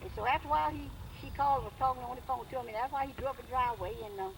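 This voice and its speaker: Woman, folksy joke teller, high voice, noisy home video tape. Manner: folksy drawn-out storytelling. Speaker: family member telling jokes. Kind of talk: casual joke telling at a family reunion. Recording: home video with loud background noise.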